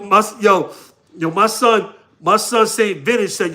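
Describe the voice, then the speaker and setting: A man with a New York accent hosts a casual livestream, laughing often and talking to his chat in slang. His voice is high and sharp-toned, and he speaks a little slowly.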